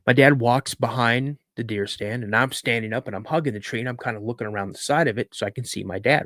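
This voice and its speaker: A man in his fifties tells a personal story on a live podcast, chatty and full of asides. His voice sits at a mid pitch. The sound is dry and close. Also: quick pace, few pauses, fairly bright tone, no room sound. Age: 50s. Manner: conversational, frequent "you know". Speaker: guest storyteller.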